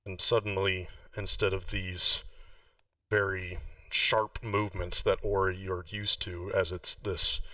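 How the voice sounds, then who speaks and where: A man running a tabletop game as game master, describing a dream scene slowly and deliberately, sometimes correcting himself. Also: deep voice, little pitch movement, pushed and bright, dry recording, distant mic, dull audio.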